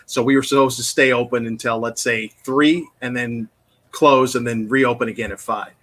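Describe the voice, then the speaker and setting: Bright-voiced man co-host. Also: mid-range voice, fairly even intonation, normal speed. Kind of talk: casual chat.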